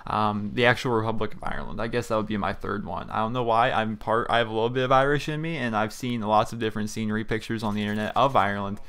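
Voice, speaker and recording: A man's voice: fairly low pitch, fairly even intonation, fast, hardly any pauses, a bit bright, clear, resonant tone. A young man from Pennsylvania, a gaming YouTuber, chatting loosely over gameplay from a small room at home, with lots of fillers and restarts. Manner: rambling, chatty, frequent fillers. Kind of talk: casual commentary over gameplay.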